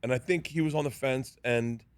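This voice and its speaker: Middle-aged male comic guest, lively storyteller, dry studio sound. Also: mid-range voice, brisk, no echo. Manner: animated storyteller, acts out quotes, laughs often. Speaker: comedian guest. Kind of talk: storytelling in a talk show interview. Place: radio studio.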